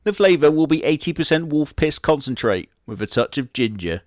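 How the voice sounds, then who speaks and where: A man's voice: on the high side, very animated, a little fast, a little mellow, no echo. A man playing a boastful immortal wolf, speaking with a Southwest English accent in a dry, matter-of-fact way. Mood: deadpan. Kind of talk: comedy sketch character monologue.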